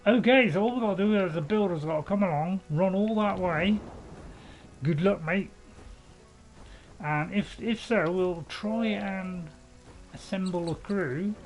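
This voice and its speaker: A man in his seventies giving casual, rambling commentary as he plays a game, chatty and quick to joke at his own expense. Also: high voice, faint music behind, poor audio. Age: 70s. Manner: rambling, chatty, joking and self-mocking. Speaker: gaming channel host.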